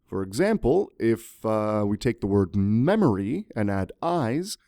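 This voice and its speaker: Male English teacher, playful and animated, slow and mellow. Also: on the low side, no echo, clean studio sound. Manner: jokey, animated, talks to viewers. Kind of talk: playful scripted grammar lesson.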